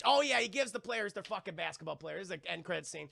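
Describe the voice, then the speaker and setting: A man's voice: high voice, animated, quick pace, creaky, hardly any pauses, sharp tone, no echo, clean studio sound. A young man casually reviewing a film on a live stream, profane and rambling as he keeps addressing his chat.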